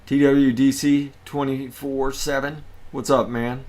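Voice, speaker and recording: A man's voice: medium pitch, little pitch movement, measured pace, darkish tone. A man hosting a casual livestream, upbeat and greeting his viewers one by one. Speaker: livestream host.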